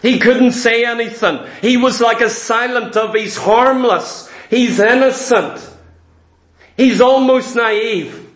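A man's voice: very high voice, slow, a bit bright, roomy sound. A man preaching a sermon to a congregation, emphatic and impassioned, calling out to the saints.

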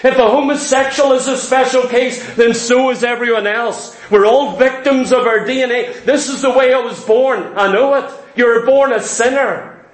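Guy preaching hard, real high voice, keeps asking the crowd questions, echoey church room. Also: fairly even intonation, normal speed. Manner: fervent, rhetorical questions, quotes opponents mockingly. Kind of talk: sermon.

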